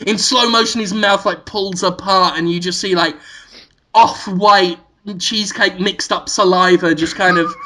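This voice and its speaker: A man's voice: high voice, fairly even intonation, a little slow, sharp tone, slight background noise. A male podcast host telling a rambling, absurd improvised story with frequent giggles.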